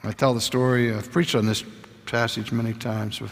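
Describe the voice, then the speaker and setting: An older man delivers a sermon lecture at a middle pitch, moving between storytelling and quiet, hushed emphasis. His voice carries a long reverb tail from the hall. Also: little pitch movement, normal speed, creaky. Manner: storytelling, drops to a hushed voice for tender points. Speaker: preacher lecturing.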